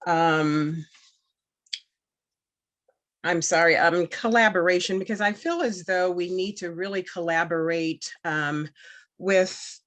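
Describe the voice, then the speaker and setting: Her voice is lowish and a bit bright, and she speaks slowly with frequent pauses. She's a board candidate delivering an earnest, emphatic campaign speech, then answering questions with some hesitation and fillers once unscripted.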